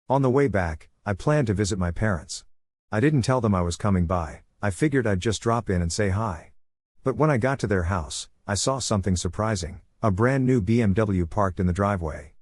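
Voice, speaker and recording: Low-voiced man narrating a story. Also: a little mellow, no echo, studio quality. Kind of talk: scripted first-person story narration.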